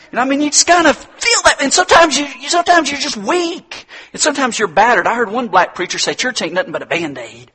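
A man's voice: very high-pitched, quick pace, few pauses, slightly rough. A middle-aged man preaching a sermon, telling folksy stories and acting out the voices of the people in them. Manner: folksy, animated storytelling with mimicked voices.

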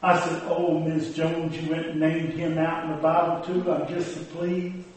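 A man's voice: a little high, flat delivery, moderate pace, close to an everyday voice. A man playing a folksy old male country preacher, telling a comic story in a drawling rural dialect. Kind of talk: comic monologue with hymn snatches. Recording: very echoey recording from far off.

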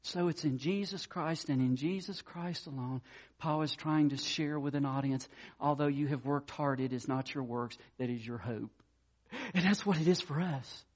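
A man's voice: a little high, normal speed. A man preaching a sermon, conversational and direct, telling stories to make his point and speaking straight to the congregation. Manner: conversational storytelling preacher, addresses listeners directly. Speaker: pastor.

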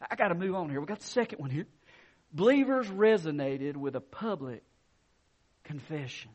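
High-voiced preaching man, emphatic swells. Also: animated, moderate pace, darkish tone. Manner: preaching with rising emphatic bursts. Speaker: pastor. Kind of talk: sermon.

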